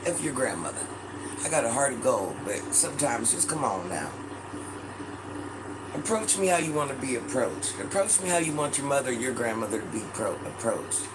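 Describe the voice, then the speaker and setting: Sassy man chatting over a loud hum. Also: medium pitch, big pitch swings, normal speed. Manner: sassy, calls viewers baby, scolds and repeats itself. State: stuffy from allergies. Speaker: live streamer reading viewer comments. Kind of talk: casual live-stream chat. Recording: loud background noise, air conditioner hum.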